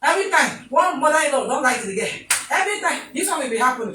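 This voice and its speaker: A Nigerian woman presents a talk show in a high-pitched, brisk voice with lively intonation, delivering comic commentary sprinkled with pidgin as she acts out little scenes. The room is echoey, the mic distant, and there's faint noise.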